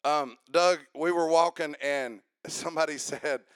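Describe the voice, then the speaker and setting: A pastor preaching a sermon, folksy and repetitive, asking the congregation for amens and building to rhythmic shouting. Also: male voice, fairly high pitch, fairly even intonation, a little slow, clear, resonant tone, dry recording.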